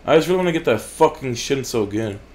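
A man's voice: mid-range voice, animated, fast. A man hosting a gaming channel, giving casual gameplay commentary in a blunt, heavily profane way. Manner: profane, blunt, frequent swearing.

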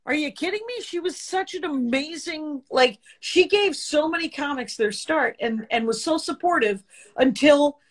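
Middle-aged woman, comic host, high voice, rambling profane chat. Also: animated, moderate pace. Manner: rambling, profane, laughs easily. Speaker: comedian podcast host. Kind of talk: casual podcast chat.

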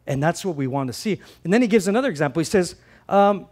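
Preaching as a pastor, this man talks quickly with a fairly high-pitched voice. His delivery is animated and conversational, full of repeated words, and it swings from forceful, loud points to soft side remarks.

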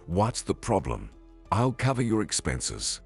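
A man's voice: low voice, huge pitch swings, unhurried, faint music behind, heavily acted. A man voicing a wary, stubborn young pregnant woman who speaks firmly and with growing irritation. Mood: insistent. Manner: firm, increasingly irritated.

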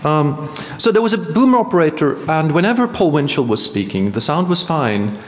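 A man giving a live lecture-performance, rambling and halting with wry asides. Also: on the high side, big pitch swings. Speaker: performance artist. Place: art museum hall. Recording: echoey hall with long reverb.

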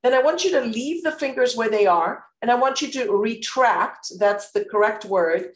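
A woman whose first language is Greek, giving a live online webinar in an energetic, conversational way, with frequent fillers and restarts, speaking into a computer microphone on a video call. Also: on the high side, normal speed. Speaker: presenter of a webinar. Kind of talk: live online workshop presentation.

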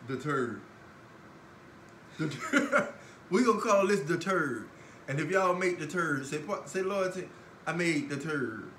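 A man's voice: a little high, normal speed, roomy sound, slight background noise. A man, co-hosting a couple's cooking show, joking and teasing his partner through a playful cooking demonstration in a home kitchen. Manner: playful, teasing, loud bursts of laughter.

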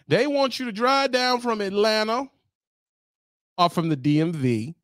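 A trucker man rants to his viewers in a loose, animated, profane way, a little higher-voiced than most men. His voice sounds close and dry, with no room echo. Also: moderate pace. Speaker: trucker vlogger. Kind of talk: comic rant to camera.

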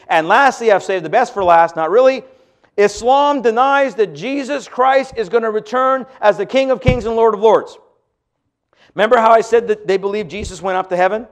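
A man's voice: high voice, normal speed. A man giving an emphatic sermon-style lecture to an audience, asking rhetorical questions. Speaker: speaker on religion.

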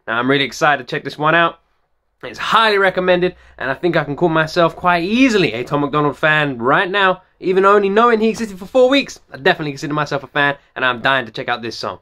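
A man hosting a reaction video, talking excitedly, repeating phrases and swearing freely. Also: on the high side, fast.

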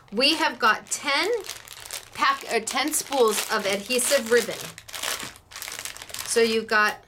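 A woman's voice: medium pitch, sharp tone, a little hiss or hum. A middle-aged woman hosting a casual craft demo, chatty and gushing, laughing often. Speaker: craft show host.

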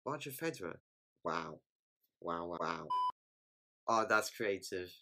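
A host giving casual, excitable reaction commentary on sports clips, often repeating exclamations. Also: low voice, takes it slowly, heavy background noise.

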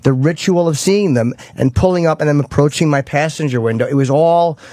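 Fast-talking man, frank and dry. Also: fairly high pitch, warm tone, no echo. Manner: candid, confessional, rapid talk. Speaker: radio show host. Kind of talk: casual chat.

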